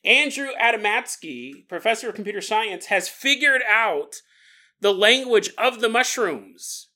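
A man's voice: high-pitched, animated, measured pace, sharp tone. A man hosting a podcast, telling a story in a playful, rambling way and laughing often. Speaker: podcast host.

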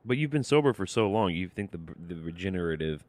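Male co-host, very deep voice, dry close sound, wry absurd humor, lively inflection. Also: fast talker, dry recording. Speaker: podcast co-host. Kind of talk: casual comedic chat.

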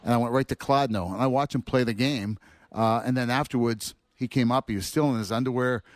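Man, guest storyteller, animated, dry studio sound, mid pitch. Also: fairly quick, no room sound. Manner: animated storyteller acting out quotes. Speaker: guest, former teammate. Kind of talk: anecdotal storytelling.

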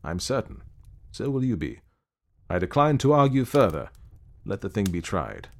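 A man voicing a confident, jovial heavyset gentleman who speaks in a breezy, self-assured way. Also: lowish voice, big pitch swings, moderate pace, vocal fry.

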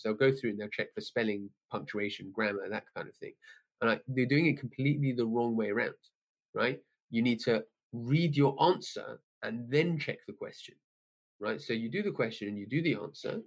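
A science teacher with a gravelly, fry-edged voice talks bluntly in an interview. He is animated and acts out back-and-forth exchanges with students. His pitch sits in an ordinary middle range for a man. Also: a little fast. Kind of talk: conversational interview.

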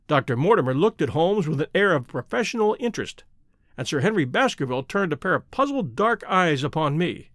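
A man reading a classic mystery aloud in a measured, expressive narration, in a dry close recording. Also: on the high side, dry recording. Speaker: audiobook reader. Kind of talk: scripted narration.

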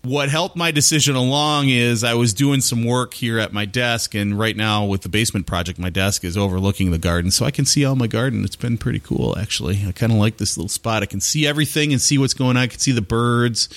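A man's voice: medium pitch, a little fast, few pauses, no room sound. Chatty Minnesota man, dry close sound. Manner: chatty, lively, rambling with fillers. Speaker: podcast host. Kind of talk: casual gardening podcast talk.

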